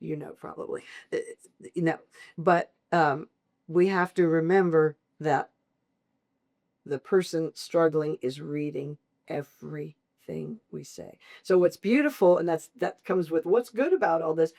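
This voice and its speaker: A middle-aged woman with a fairly low voice shares her caregiving life as a guest in an interview. She tells it like a storyteller, bursting into high-pitched quoted voices now and then before settling back into easy conversation. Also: measured pace, vocal fry. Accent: Southern American. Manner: animated storyteller, acts out quoted voices with big pitch jumps.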